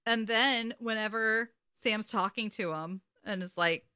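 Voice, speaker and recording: A woman's voice: medium pitch, level tone, unhurried, few pauses, pushed and bright, clear, resonant tone, dry recording, clean studio sound. A woman co-hosting a podcast who animatedly retells episodes, swears freely and acts out the characters' lines. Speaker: podcast co-host. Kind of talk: casual recap chat.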